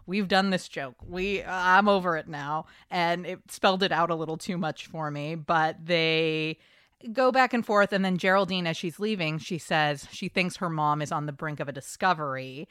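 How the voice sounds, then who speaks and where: A young woman hosts a podcast, breezily recapping a TV episode and slipping into quick impressions of what the characters said. Her voice sits low for a woman and comes across smooth and clean. The sound is dry and close, with no room around it. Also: no echo. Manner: lively, animated retelling with quoted asides. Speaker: podcast host. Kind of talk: casual recap chat.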